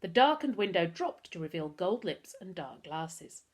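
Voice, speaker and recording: Teacher lady reading a kids book out loud, pitch all over the place. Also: a little slow. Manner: expressive storytelling.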